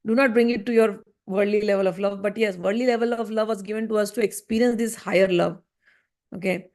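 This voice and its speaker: A woman's voice: medium pitch, fairly even intonation, fairly quick, a little mellow. A woman, teaching a devotional class in a storytelling way and often checking in with her listeners. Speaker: spiritual teacher.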